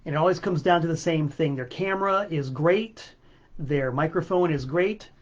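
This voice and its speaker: A man's voice: fairly high pitch, moderate pace, lo-fi sound. Fed-up man ranting on a livestream. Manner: exasperated, sarcastic, swearing. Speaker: host of a music livestream show. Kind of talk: livestream rant. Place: home studio with a backdrop. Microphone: webcam mic.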